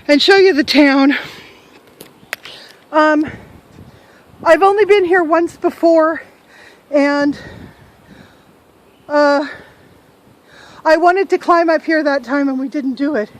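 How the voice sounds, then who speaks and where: A woman's voice: high-pitched, slow pace, pauses often, poor audio. An older woman chatting to camera as a travel vlogger outdoors, in a joking, self-mocking manner. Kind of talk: casual chat to camera. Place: outdoors in a hillside cemetery.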